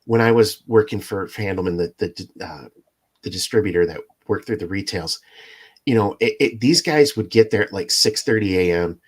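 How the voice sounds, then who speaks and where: A man's voice: fairly low pitch, moderate pace, breathy edge. A laid-back man, a podcast co-host, chatting casually, laughing often and swearing. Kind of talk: casual chat.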